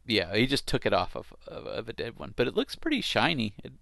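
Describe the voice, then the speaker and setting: A man's voice: medium pitch, wildly swooping pitch, brisk, vocal fry, a bit bright, no echo. Joking man co-hosting a comic review. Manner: joking, reads comic dialogue in mock voices. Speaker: podcast co-host. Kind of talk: casual chat.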